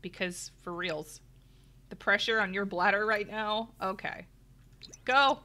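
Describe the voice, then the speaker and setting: A woman's voice: mid-range voice, unhurried, long pauses, bright, forceful tone. A middle-aged woman giving chatty let's play commentary, talking to her viewers and exclaiming at the game. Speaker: gaming channel host. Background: faint game music.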